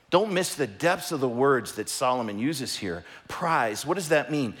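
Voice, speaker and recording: A middle-aged man preaching a sermon as pastor, passionate and emphatic, often lifting his voice close to a shout. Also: mid-range voice, expressive, measured pace, few pauses.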